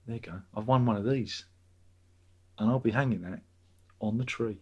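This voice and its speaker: A man's voice: fairly low pitch, normal speed, a little mellow, breathy edge. A man hosting a livestream, rambling sardonically while reading out chat comments. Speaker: livestream host.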